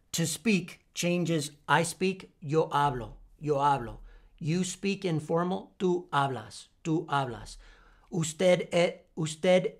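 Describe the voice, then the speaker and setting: A man teaching a Spanish verb lesson, spelling out letters and repeating each form deliberately. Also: on the high side. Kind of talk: whiteboard language lesson.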